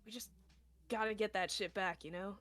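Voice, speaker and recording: A woman's voice: medium pitch, fairly even intonation, normal speed, a bit bright. A woman playing a tabletop role-playing game in casual chat, playful and laughing often. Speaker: player.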